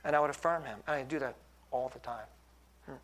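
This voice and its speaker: A man's voice: mid-range voice, a little fast, a bit bright, slight background noise. A middle-aged man preaching in a conversational, self-deprecating way, often checking in with tag questions. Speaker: pastor. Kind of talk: conversational sermon.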